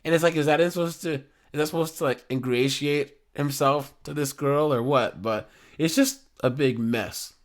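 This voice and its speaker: A man's voice: fairly high pitch, moderate pace. A man hosting a casual true-crime commentary, talking in a loose, rambling way full of fillers.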